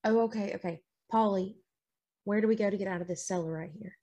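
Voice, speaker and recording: A woman playing a tabletop game with friends, joking and talking quickly. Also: medium pitch, lo-fi sound. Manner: animated, jokey, quick. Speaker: player. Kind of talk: casual tabletop game play.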